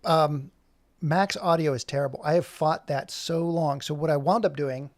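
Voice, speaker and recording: A man's voice: a little high, steady tone, normal speed, dry recording. A man chatting casually on a livestream, rambling and talking to himself as he works on an animation. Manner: rambling, talks to himself while working. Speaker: streamer making an animation.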